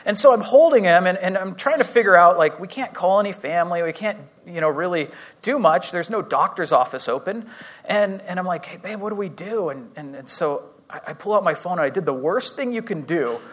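A man's voice: sits high, lively intonation, fairly quick, a bit bright. A young man preaching as a youth pastor, telling a personal story in a casual, chatty, self-deprecating way with frequent restarts. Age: young adult. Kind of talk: sermon storytelling.

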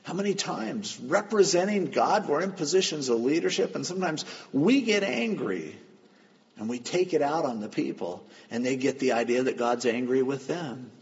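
Lively, emphatic male preacher. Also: fairly high pitch, moderate pace. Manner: earnest, emphatic, storytelling. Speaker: pastor. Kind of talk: sermon. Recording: dull lo-fi with long hall reverb.

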